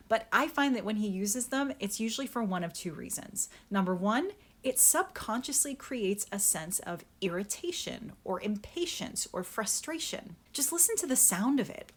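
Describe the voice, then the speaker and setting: A young adult woman, an acting coach, explaining Shakespeare's verse in a lively, emphatic way and sounding out stress patterns. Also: mid-range voice.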